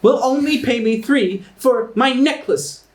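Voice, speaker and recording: A man's voice: very high voice, a little slow, pitched above the performer's own voice. A man voicing a haughty, demanding noblewoman in a tabletop game. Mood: indignant.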